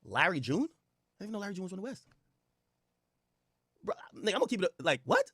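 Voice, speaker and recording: A man's voice: sits high, very animated, fast, bright, forceful tone, slightly rough, no echo, clean studio sound. A man hosting a reaction commentary, ranting with profanity and repeating his points for emphasis. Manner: repetitive, emphatic. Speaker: host.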